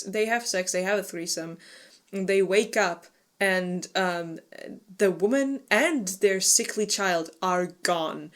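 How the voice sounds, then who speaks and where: A woman co-hosting a casual book discussion podcast, animated and swearing freely. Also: medium pitch. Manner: animated, swearing, quick to laugh. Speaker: book club podcast co-host.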